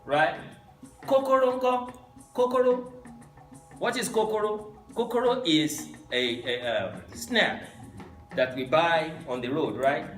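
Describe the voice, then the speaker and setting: A man teaching a Yoruba class, quizzing his students in an animated way and swooping up on key words. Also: on the high side, measured pace. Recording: echoey room, distant mic, faint music.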